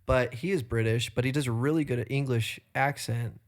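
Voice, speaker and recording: Animated man co-hosting a casual podcast. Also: mid-range voice, moderate pace. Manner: lively, acts out quotes in funny voices, swears casually. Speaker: podcast co-host. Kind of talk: casual chat.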